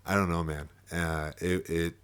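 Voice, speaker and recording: A young man with a very low voice tells a long personal story in a relaxed podcast conversation. He leans on fillers, swears freely and laughs as he talks. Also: measured pace, clean tone. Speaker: podcast guest. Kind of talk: casual storytelling chat.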